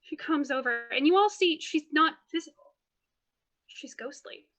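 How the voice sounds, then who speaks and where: A woman narrating a tabletop game as game master in a lively, playful way. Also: high voice, normal speed.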